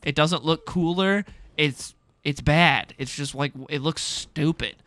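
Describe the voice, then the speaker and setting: A young man rants to camera, exasperated and sarcastic, in rapid-fire bursts of disbelief. His voice is fairly high, bright and tense. The sound is close-miked and dry, with no room around it. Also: no echo. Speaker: video creator ranting. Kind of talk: heated solo rant.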